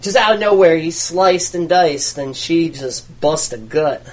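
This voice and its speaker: Brief: mid-pitched speaker in casual chat, crowd audible behind. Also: animated, a little slow.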